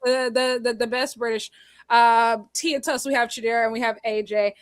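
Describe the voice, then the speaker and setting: A woman's voice: on the high side, fairly even intonation, fairly quick, no room sound, studio quality. A woman co-hosting a live charity stream, introducing guests in a rambling, playful way over a video call. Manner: rambling introductions, many ums and restarts, playful. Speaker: stream co-host. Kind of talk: casual chat on a live stream.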